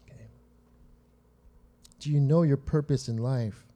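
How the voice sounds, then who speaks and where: Mellow-voiced preacher, chatty and personal. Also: male voice, medium pitch, unhurried. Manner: frequent "right?" and "you know?" check-ins with listeners; tells personal family stories to make points. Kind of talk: conversational sermon.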